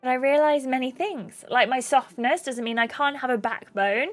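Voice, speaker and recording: A soft-spoken young woman contestant in a dating game, gentle and emotional, her voice lifted higher than the reader's own, as a woman reads her lines. The delivery is soft and heartfelt. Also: normal speed. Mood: tearful. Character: shy, sweet young woman contestant turning tearful.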